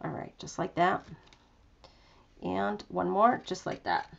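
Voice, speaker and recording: A woman's voice: on the low side, slow pace, vocal fry, muffled recording. A young woman hosting a live craft tutorial from her home craft room, chatty and self-deprecating, with lots of fillers. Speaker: craft demonstrator.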